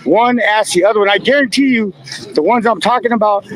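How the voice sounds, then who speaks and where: A man's voice: high-pitched, a little fast, fairly bright tone, slight background noise, low-quality recording. A man in his fifties casually telling stories from his past, using laid-back street slang and laughing now and then. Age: 50s. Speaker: guest. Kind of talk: casual storytelling.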